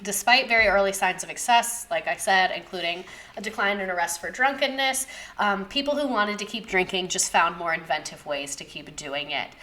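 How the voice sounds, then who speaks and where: A woman's voice: medium pitch, normal speed, bright, forceful tone. A young woman teacher giving a casual history lesson, chatty and sarcastic, swearing and drifting into tangents.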